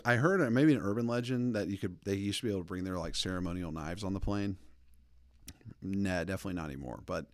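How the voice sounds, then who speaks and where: A man in his thirties hosting a podcast, telling stories in a rambling, animated way. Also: deep voice, no echo, clean studio sound. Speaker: podcast host. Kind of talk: casual opinion talk.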